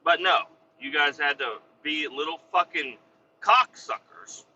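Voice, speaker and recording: Working-guy podcast host with a piercing, bright voice, swearing through a petty gripe; muffled lo-fi sound. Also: fairly high pitch, normal speed, slight background noise. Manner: profane, exasperated, rambling. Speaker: vac truck operator. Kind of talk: casual ranting storytelling.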